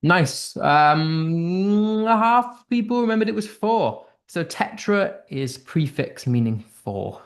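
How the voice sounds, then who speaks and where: A man's voice: high voice, sing-song, slow pace. A man with a British accent teaching an online English class, upbeat and thinking aloud as he reads out quiz answers. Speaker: English tutor.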